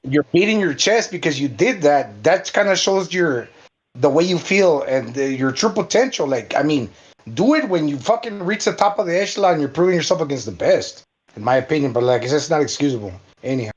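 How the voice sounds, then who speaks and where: A man's voice: on the high side, expressive, brisk. Man on a dull, lo-fi call line. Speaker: caller. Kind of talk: casual call-in chat.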